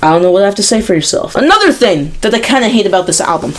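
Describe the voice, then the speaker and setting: A woman giving a music album review as an animated, exasperated rant, speaking close to the camera. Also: medium pitch, very fast, hardly any pauses.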